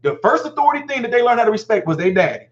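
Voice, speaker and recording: A man's voice: very high voice, big pitch swings, lo-fi sound. A man in his forties hosting a live call-in show, talking emphatically and acting out quoted lines. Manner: fast, emphatic, acts out quotes. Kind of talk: animated call-in talk.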